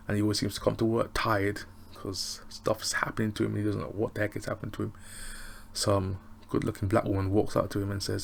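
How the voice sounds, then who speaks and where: A man's voice: on the low side, flat delivery, fairly quick, gravelly, a little hiss or hum. An English man reviewing a show in a loose, rambling, chatty way. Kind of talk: casual review chat.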